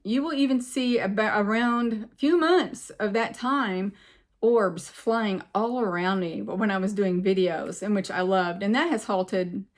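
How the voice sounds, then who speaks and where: Middle-aged woman vlogger and medium, casual rambling storytelling, earnest, middle pitch. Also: a little slow. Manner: rambling, earnest, repeats phrases for emphasis. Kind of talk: casual personal storytelling to camera.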